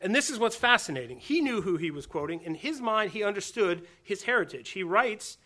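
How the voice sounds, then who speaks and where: Guy with a high bright voice teaching church history, animated, acts stuff out. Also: brisk. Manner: animated, acts out quotes with chuckles. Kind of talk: lively teaching lecture.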